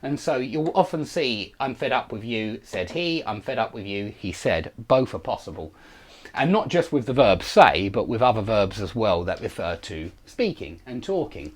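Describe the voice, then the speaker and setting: Lively male English grammar teacher. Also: lowish voice, normal speed. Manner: lively, explanatory, reads example sentences aloud; many fillers and self-corrections. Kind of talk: live online grammar lesson.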